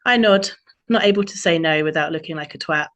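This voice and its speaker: A woman author reads a passage from her novel aloud, after a hesitant, um-filled introduction. Her voice sits on the low side, and she narrates in a steady, even way. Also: a little fast. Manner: hesitant with many ums when speaking freely.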